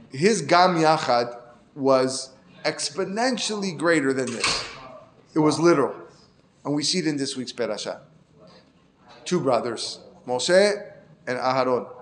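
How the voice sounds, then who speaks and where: A man's voice: fairly high pitch, slight background noise. A man giving an earnest Torah talk, telling a story and lifting his voice to stress key points. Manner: earnest storyteller who lifts his voice for emphasis. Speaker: Torah teacher. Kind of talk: Torah class sermon.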